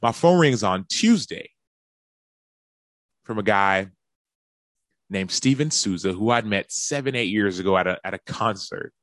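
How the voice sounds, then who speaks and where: Man, lower register, podcast storyteller who acts out the dialogue, close and dry sound. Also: unhurried, pauses often, no room sound. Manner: animated storyteller who acts out quoted phone calls in a raised voice. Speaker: podcast speaker telling a story. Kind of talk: storytelling monologue.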